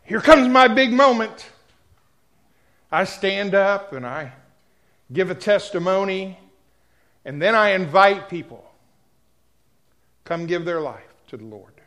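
A male preacher delivers his sermon at an unhurried, drawn-out pace. His voice sits high for a man, and he speaks directly to his congregation as he tells a personal story. His delivery swings between hushed and loud. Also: animated.

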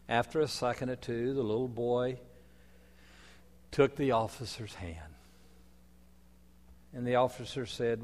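A man preaching a sermon, telling stories dramatically, swinging from loud declarations to soft asides. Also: medium pitch, a little slow, pauses often. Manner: dramatic storytelling with wide swings in loudness. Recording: long hall reverb.

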